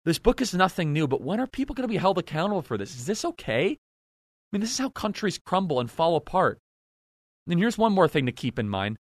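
A man's voice: high voice, very animated, fairly quick, dry recording, studio quality. A man hosting a political commentary show, delivering an indignant, sarcastic monologue full of rhetorical questions.

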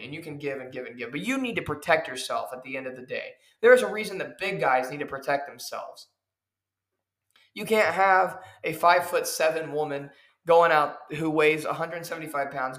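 A man's voice: fairly high pitch, a bit bright. A man hosting his own podcast as a professional wrestler, lecturing in a heated, preachy way and hammering his points over and over. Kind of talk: ranting solo podcast. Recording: echoey room.

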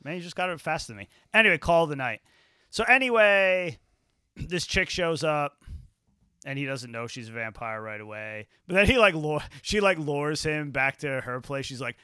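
A man hosting a podcast in casual chat, swearing freely and acting out scenes with quick quoted voices. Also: mid-range voice, expressive, pushed and bright, clean tone, dry recording, clean studio sound. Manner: profane, rambling, acts out scenes in quotes. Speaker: podcast host.

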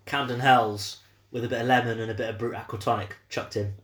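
Chatty podcast host, mid pitch. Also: male voice, fairly even intonation, quick pace, a bit bright. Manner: chatty, with many ums and uhs. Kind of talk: casual chat.

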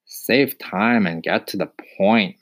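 A worldly, impatient male cat talks in a low, dry deadpan, voiced by a male reader. His delivery is clipped and unhurried. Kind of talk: audiobook character voice.

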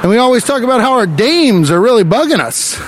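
A man's voice: very high-pitched, very animated, fast, noisy background, voice pushed up. A man playing a swaggering, brutish 1920s dapper man who talks in clipped tough-guy patter.

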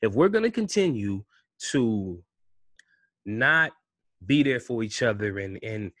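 A man giving an impassioned commentary rant, firing rhetorical questions and swinging between loud outbursts and low mutters. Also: big pitch swings, takes it slowly, dry recording, clean studio sound. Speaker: vlogger.

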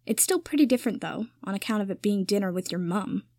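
A woman's voice: mid-range voice, expressive, fast, dark tone, no room sound. A woman reading a story aloud, voicing a casual, sarcastic young man.

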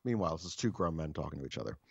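A man's voice: very deep voice, lively intonation, racing, vocal fry, slightly rough, no room sound, dull audio. A man casually telling a long anecdote, swearing freely and restarting his sentences often. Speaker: storyteller.

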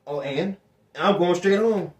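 A young man telling stories in casual chat as a vlog co-host. He laughs often and drops his voice low when he quotes people. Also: measured pace, a little mellow, far from the mic, muffled recording. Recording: echoey room, off mic.

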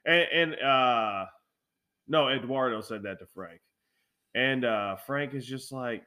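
A man telling a work story in a casual, profane chat, acting out the lines of coworkers with animated delivery. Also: mid-range voice, moderate pace. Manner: animated, swears a lot, acts out coworkers' lines.

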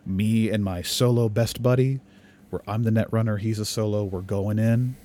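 Earnest low-voiced man explaining. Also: steady tone, moderate pace, mellow, slight background noise. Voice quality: earnest, explains at length, with restarts and swearing. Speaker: podcast co-host. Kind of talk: casual chat.

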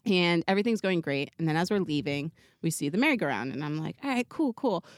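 A woman's voice: sits low, quick pace, dry recording, studio quality. A woman in her thirties, a mom, casually telling a story on a podcast, swearing, laughing often and acting out her toddler's lines.

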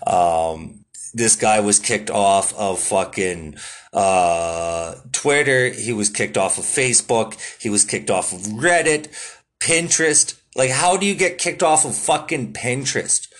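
A man's voice: fairly low pitch, slow, fairly bright tone. A man hosting a casual solo podcast, laid-back and swearing constantly, with lots of fillers. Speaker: podcast host.

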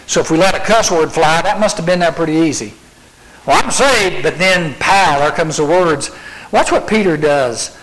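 A middle-aged man preaching a sermon to a youth group, acting out the quoted lines in animated storytelling. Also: on the high side, moderate pace, poor audio.

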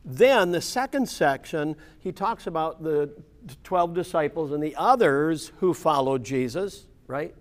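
Leading an informal Bible study class, a man with a fairly high-pitched voice speaks at a measured pace. He explains scripture conversationally and keeps checking in with the group using "right?" and "yeah".

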